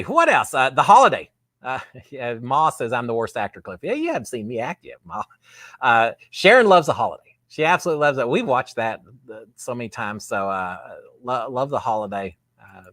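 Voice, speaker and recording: A man with a fairly high, sharp-toned voice hosts a live show, recorded dry with studio quality. He chats casually and reads viewer comments, rambling in a self-deprecating way and laughing often.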